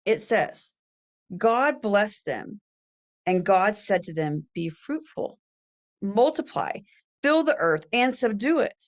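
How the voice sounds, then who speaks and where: A middle-aged woman hosts a faith-based motivational podcast, speaking earnestly and reading scripture aloud. Her mid-range voice moves slowly with lively intonation.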